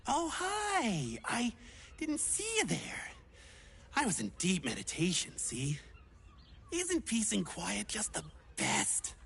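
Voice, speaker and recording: A woman voicing an eager, chatty small male would-be adventurer in a video game, talking in an excitable, theatrical way. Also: medium pitch, slow, gravelly, husky, full character voice.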